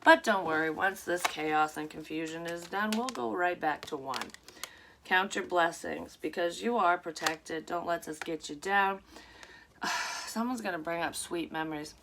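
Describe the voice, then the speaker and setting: A woman with a fairly low voice reads tarot cards for her viewers in a loose, wandering way, cursing casually between thoughts. A faint hum of ambience sits behind her. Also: a little slow. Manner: rambling, frank, swears often. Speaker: psychic tarot reader. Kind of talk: casual tarot reading to camera.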